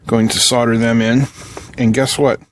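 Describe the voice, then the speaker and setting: Guy at his electronics bench, easygoing tutorial chat, jokey asides, average pitch. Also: flat delivery, normal speed, a little hiss or hum. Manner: joking, chatty asides while working. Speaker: electronics channel host. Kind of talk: casual workbench tutorial. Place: electronics workbench.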